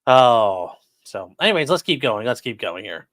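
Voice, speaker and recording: A man's voice: mid-range voice, big pitch swings, normal speed, fairly bright tone, no echo. Sarcastic man talking to his chat. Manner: sarcastic, talks straight to chat, swears. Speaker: streamer discussing court cases. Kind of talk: casual livestream commentary.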